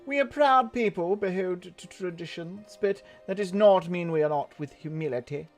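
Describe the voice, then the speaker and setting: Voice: mid-range voice, moderate pace, soft background music, natural voice. A gamer putting on a pompous British nobleman. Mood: haughty. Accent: put-on British. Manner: haughty, formal.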